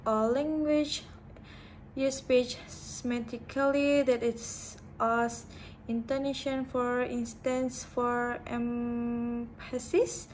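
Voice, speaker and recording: A woman's voice: fairly high pitch, little pitch movement, slow, a little hiss or hum, low-quality recording. A young woman student giving a class presentation on linguistics, hesitant and full of fillers and restarts. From Indonesia. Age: young adult.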